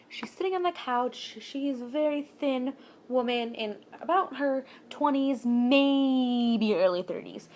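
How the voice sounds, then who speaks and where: Woman vlogger, high voice, expressive and jokey storytime telling. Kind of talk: casual storytime narration.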